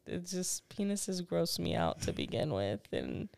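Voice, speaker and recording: Podcast lady, low gravelly voice, animated storyteller, dry sound. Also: unhurried, no room sound. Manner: animated storytelling, acts out voices, laughs often. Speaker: podcast co-host. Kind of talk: casual chat.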